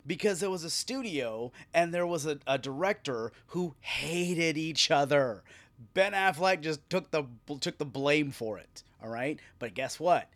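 A man's voice: on the high side, a bit bright. A man hosting a solo podcast, ranting with sarcasm and a lot of swearing. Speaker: podcast host.

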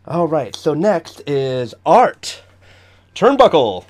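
A man's voice: on the high side, big pitch swings, slow pace, darkish tone. A man running a tabletop game as game master, narrating the action vividly and chatting with frequent fillers.

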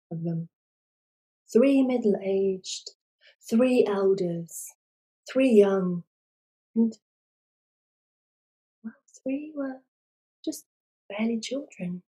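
A woman telling a folk tale in a soft, dramatic storybook narration. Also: a little high, rough recording.

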